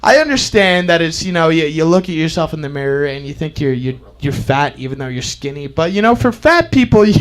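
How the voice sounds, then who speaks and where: A man's voice: fairly high pitch, animated, brisk, hardly any pauses. A man doing a stand-up comedy bit, laughing through his own jokes.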